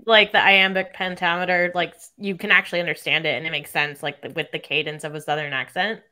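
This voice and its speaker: Woman, bright voice, lowish pitch, chatty, agreeable. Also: flat delivery, fast. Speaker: panelist. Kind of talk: casual discussion.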